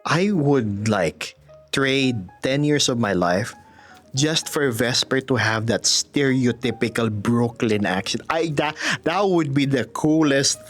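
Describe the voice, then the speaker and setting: A man's voice: mid-range voice, takes it slowly, faint music behind. A man streaming on camera, chatting casually and playfully, laughing often and dropping into joking whispers. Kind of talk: casual chat.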